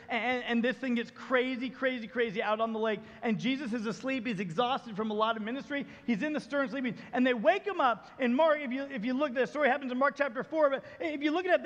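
A man's voice: very high voice, fairly bright tone, long reverb tail, muffled recording. A man preaching a sermon in a church, emphatic and repetitive. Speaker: pastor.

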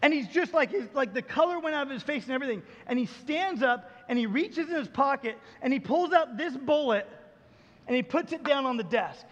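High-voiced pastor preaching in a hall. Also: male voice, lively intonation, a little fast, dull audio. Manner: storytelling, acts out dialogue, drops soft for emphasis. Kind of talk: sermon.

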